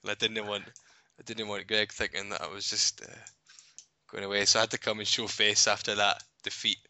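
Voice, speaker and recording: This is a Scottish man in his twenties trading jokes on a podcast and laughing often at his own expense. His voice is very bright, and it sits dry and close. The recording is a little dull, as if lo-fi. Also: lowish voice, level tone, a little fast, no room sound. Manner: laughs often, self-mocking. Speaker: podcast co-host. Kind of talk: casual banter.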